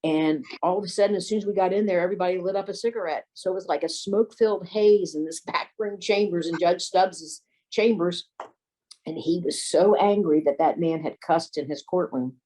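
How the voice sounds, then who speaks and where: Low-voiced older woman telling stories. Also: fairly quick, dark tone, rough recording. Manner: folksy anecdotes, acts out quoted voices. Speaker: lawyer and former detective. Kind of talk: storytelling interview.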